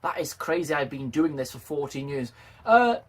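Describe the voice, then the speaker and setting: A man's voice: a little high, big pitch swings, normal speed. A man chatting casually and jokingly to his video viewers, self-deprecating and friendly. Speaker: model railway YouTuber.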